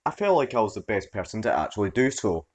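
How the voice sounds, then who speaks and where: A man reading a story aloud as its narrator, in an expressive storytelling manner. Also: on the low side, fast talker. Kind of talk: scripted narration.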